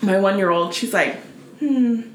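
High-voiced woman telling stories in an echoey room. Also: normal speed. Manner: animated storyteller who acts out other people's lines and laughs often. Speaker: podcast co-host. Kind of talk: casual chat. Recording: roomy echo with faint background noise.

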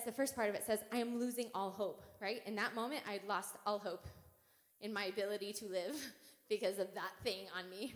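A woman in her thirties preaches in a relaxed, chatty way, leaning on "right?" and "like" as she goes. Her slightly high voice rings out with a long reverb from the church hall around her. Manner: casual and animated, frequent "right?" and "like"; playful storytelling with comic exaggeration. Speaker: church speaker. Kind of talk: sermon. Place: church sanctuary.

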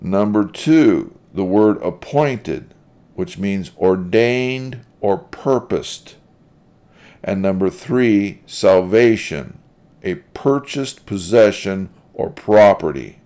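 A man's voice: fairly low pitch, animated, warm tone. A man giving a methodical Bible study lecture, reading verses aloud and explaining them point by point. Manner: deliberate, methodical, reads quotes aloud. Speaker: Bible teacher.

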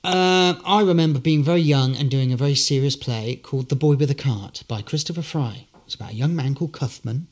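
A man's voice: medium pitch, fairly quick, hardly any pauses. An actor, a man, telling good-humoured, rambling anecdotes as a guest in a casual interview.

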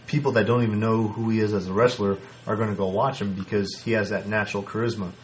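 A man co-hosting a casual podcast, talking in an animated way with lots of restarts and laughter. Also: fairly low pitch, fast, a little hiss or hum. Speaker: podcast co-host. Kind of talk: casual wrestling podcast chat.

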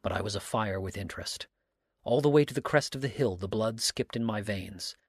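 Narrator: male, lower voice, dry close recording, steady audiobook reading. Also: a little fast, slightly rough, dry recording. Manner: steady, earnest storytelling.

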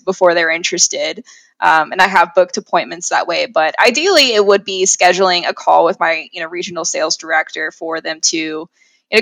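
A woman guest talks through her work in a chatty, casual way, with a lower-than-usual but bright, forceful voice. The sound is dry and close. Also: no room sound, poor audio. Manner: chatty, many fillers like "you know". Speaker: sales rep, guest. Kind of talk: conversational interview.

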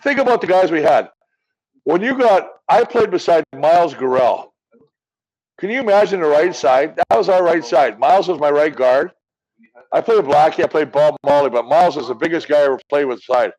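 A man's voice: a little high, normal speed, dull audio. Casting: ex-lineman co-host, male, tenor-ish, rambling yarn-spinner. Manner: rambling storyteller, animated tangents. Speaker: co-host, former offensive lineman. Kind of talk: casual sports chat.

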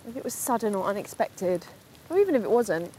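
A woman's voice: mid-range voice, sing-song, a little fast, dark tone, rough recording. Woman, podcast host, rambling casual talk, walking outside in rain, faint background noise. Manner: chatty and rambling, laughs at herself. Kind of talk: casual spoken monologue while walking. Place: outdoors in a city park in the rain.

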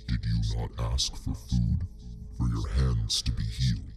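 A man voicing a cold, calmly menacing inhuman creature in a deep gravelly rumble, slow and matter-of-fact. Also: faint music behind, full character voice.

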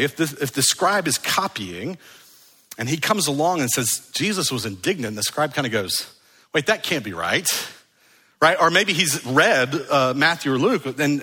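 A man's voice: fairly high pitch, sharp tone, husky, in a large hall. A man preaching an earnest, conversational sermon that is full of rhetorical questions. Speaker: pastor.

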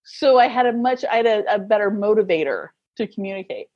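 Husky-voiced woman telling stories, laughing. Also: medium pitch, animated, fairly quick, dull audio. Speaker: guest. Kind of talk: casual storytelling interview.

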